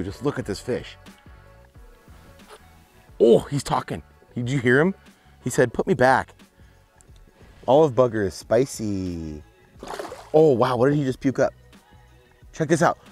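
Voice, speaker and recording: A man hosting an outdoor fishing vlog from a boat on a lake, explaining casting tips and getting excited over his catches. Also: mid-range voice. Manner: excitable, whoops and shouts when fish jump.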